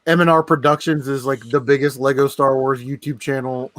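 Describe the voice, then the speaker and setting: A man's voice: mid-range voice, little pitch movement, brisk, a bit bright, no echo. A man co-hosting a casual podcast chat, easygoing and loose, padding his talk with fillers. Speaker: podcast co-host.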